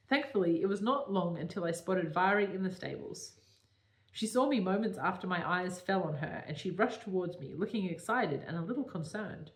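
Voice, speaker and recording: A woman's voice: lowish voice, expressive, normal speed, roomy sound. A woman co-hosting a podcast, reading her own novel aloud and breaking off to joke about it. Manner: giggly, self-mocking. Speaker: podcast co-host and author.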